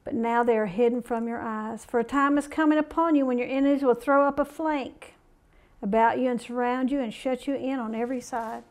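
A woman's voice: a little high, steady tone, a little fast, a little mellow. A middle-aged woman preaching a conversational sermon, reading scripture aloud and asking the listeners questions.

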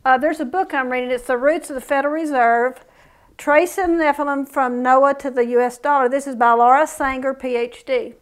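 High-voiced woman teaching the Bible. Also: steady tone, fairly quick, clear, resonant tone. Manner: folksy and chatty between readings. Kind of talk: Bible study reading scripture with casual asides.

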